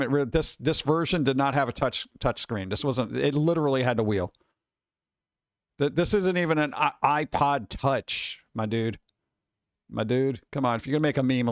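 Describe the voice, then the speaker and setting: A man chatting casually on a stream, reading headlines and memes aloud and answering them with sarcastic, animated asides. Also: medium pitch, dry recording, clean studio sound. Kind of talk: casual live-stream chat.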